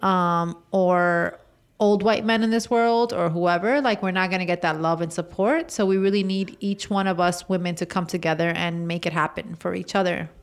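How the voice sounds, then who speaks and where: A woman's voice: lowish voice, normal speed, clear, resonant tone. A woman co-hosting a casual podcast chat, talking in an upbeat, encouraging way. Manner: upbeat, encouraging, talks in a rallying way. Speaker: co-host.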